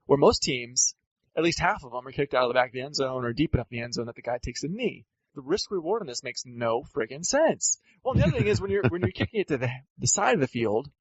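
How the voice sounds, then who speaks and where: A man's voice: mid-range voice, expressive, quick pace, no echo. Guy ranting on a sports podcast, exasperated and rambly, dull dry lo-fi sound. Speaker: podcast co-host. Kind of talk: casual sports podcast rant.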